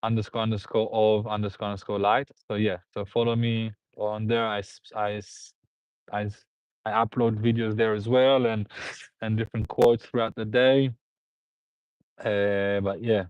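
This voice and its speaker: A man hosts a live stream, rambling through viewer comments while laughing and repeating himself. His voice is lowish, clear and resonant, with a flat delivery at normal speed. The recording is dry, dull and lo-fi.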